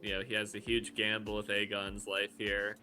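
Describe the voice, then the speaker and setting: A man's voice: lowish voice, monotone, normal speed, sharp tone, soft background music. A man co-hosting a casual podcast, speaking bluntly with frequent swearing and rambling filler words. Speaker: podcast co-host.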